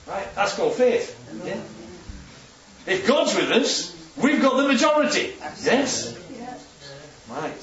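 Guy preaching casual bible talk, high voice, super echoey and far from the mic, kinda muffled. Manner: chatty, keeps checking in with listeners. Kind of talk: informal Bible teaching. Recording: echoey, distant, dull sound.

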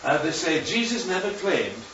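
A man's voice: fairly high pitch, big pitch swings, normal speed, fairly bright tone, a little hiss or hum. A man leading an informal Bible class with slides, who keeps checking in with his listeners. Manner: chatty, checks in with listeners often. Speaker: Bible study teacher. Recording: roomy, distant, muffled hall recording.

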